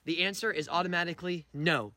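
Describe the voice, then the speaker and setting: A man's voice: high voice, fast talker, pushed and bright, dry recording. A man giving friendly, emphatic safety reminders at a camp announcement. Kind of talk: casual announcement.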